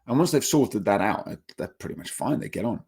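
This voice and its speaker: A man giving a dog training webinar, telling stories with lively acted quotes and getting emotional at times. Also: on the low side, a little fast, vocal fry, husky. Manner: animated storytelling, acts out dogs in quotes. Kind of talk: webinar talk.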